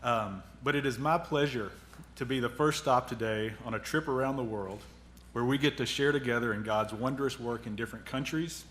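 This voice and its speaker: A middle-aged man who is a school headmaster with a cold reads a prepared presentation in an earnest, measured way. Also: mid-range voice, fairly bright tone, slight background noise. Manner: earnest, measured reading with faith-filled phrasing. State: has a cold, on cold medicine.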